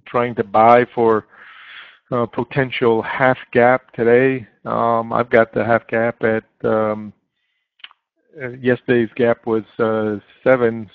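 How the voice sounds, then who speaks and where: A man's voice: medium pitch, no room sound. A man giving live market commentary as a trading chat room moderator, coaching steadily with frequent fillers over a dry, phone-like line.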